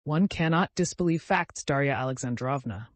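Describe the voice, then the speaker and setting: A male audiobook reader voicing a cold, formal aristocratic husband who speaks in measured, stiff sentences. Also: on the high side, animated, no room sound.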